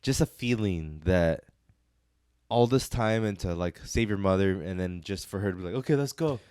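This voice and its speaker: Deep-voiced man in casual movie chat. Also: a little mellow, clean tone, no room sound, studio quality. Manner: laughs often, halting restarts. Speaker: podcast co-host.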